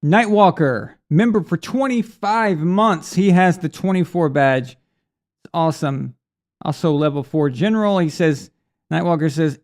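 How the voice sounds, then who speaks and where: A man's voice: a little high, moderate pace, a little mellow. A man hosting a live sports stream in a casual, rambling way, reading out viewer messages. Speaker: sports show host.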